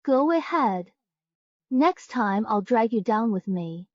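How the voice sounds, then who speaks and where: Casting: woman voicing a defiant young wife, cold and slow, dry dull sound. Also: on the high side, expressive, darkish tone, dry recording. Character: sharp-tongued young wife, defiant and vengeful. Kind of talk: dubbed drama acting.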